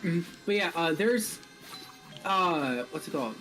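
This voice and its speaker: A man hosting a game stream in casual chat, animated, swearing constantly and laughing through his lines. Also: on the high side, unhurried, faint music behind. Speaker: streamer and host.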